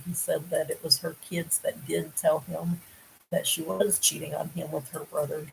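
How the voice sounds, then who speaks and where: A woman's voice: fairly low pitch, creaky, a little mellow, a little hiss or hum, low-quality recording. A woman hosting a casual true crime show, reading from news articles and adding her own asides and opinions. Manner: casual, digressive, with frequent ums and asides. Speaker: true crime podcast host.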